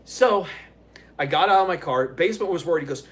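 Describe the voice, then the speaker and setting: This livestreamer speaks fairly quickly in a fairly high, somewhat bright voice with lively intonation. He chats casually with his viewers, answering comments and rambling through profane stories while laughing often.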